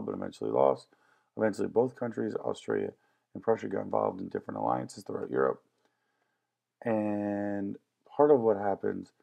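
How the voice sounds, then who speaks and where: A man's voice: lowish voice, creaky, darkish tone. A man teaching a history lesson in a casual, joking lecture style. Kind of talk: classroom lecture.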